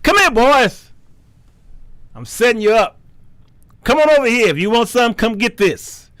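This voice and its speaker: A man voicing God as a fervent male figure, coaxing in an emphatic, drawn-out way. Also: extremely high pitch, big pitch swings, a bit bright, dry recording, voice pushed up, heavily acted. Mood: luring. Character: God speaking to his people, male, fervent.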